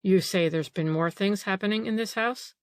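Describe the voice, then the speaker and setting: A woman reading an audiobook, voicing a small, gentle old male detective who questions politely. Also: medium pitch, normal speed, no room sound, studio quality, natural voice.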